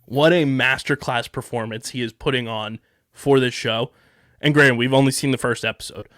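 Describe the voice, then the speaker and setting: A man from the Philadelphia area co-hosts a podcast, reviewing a TV show casually and rambling with plenty of fillers and restarts. His mid-range voice is fairly bright with fairly even intonation at normal speed, recorded at studio quality with no room sound.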